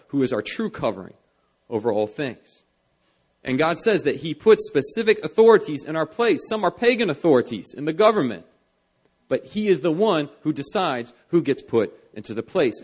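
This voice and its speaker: Earnest young man preaching a sermon. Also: on the high side. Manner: earnest, conversational preaching with many fillers and restarts. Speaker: pastor.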